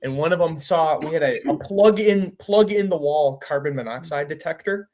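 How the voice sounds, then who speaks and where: A man's voice: fairly high pitch, moderate pace, darkish tone. A young man in a casual podcast chat, telling wry, joking stories.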